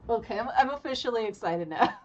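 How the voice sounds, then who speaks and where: A woman streaming a game live, chatty and excitable, her voice jumping high when she is delighted. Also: fast. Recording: slightly dull audio with game music.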